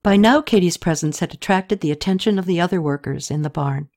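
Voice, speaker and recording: Woman reading a storybook aloud, lowish voice, little lifts for the dialogue. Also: a little fast, darkish tone. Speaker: audiobook narrator. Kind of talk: scripted narration.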